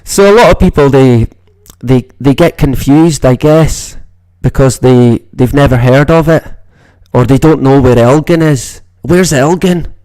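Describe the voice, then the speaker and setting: Slow-talking Scottish man, swearing freely. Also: mid-range voice, a little mellow, no room sound. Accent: Scottish, northeast Moray. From Scotland. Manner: rambling, swears constantly. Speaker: livestream host. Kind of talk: casual livestream chat.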